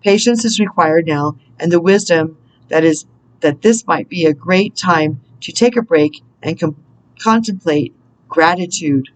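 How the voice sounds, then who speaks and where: A woman's voice: lowish voice, a little slow, slight background noise, rough recording. A woman in her fifties, a spiritual counselor reading an inspirational message aloud in an earnest way, stopping now and then to correct herself and exclaim. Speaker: spiritual counselor and card reader.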